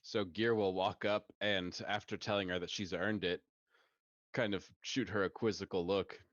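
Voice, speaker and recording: Very deep-voiced man narrating role-play. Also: steady tone, moderate pace, fairly bright tone, no room sound, highs cut off. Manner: describes his character's actions in the third person. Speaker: tabletop game player.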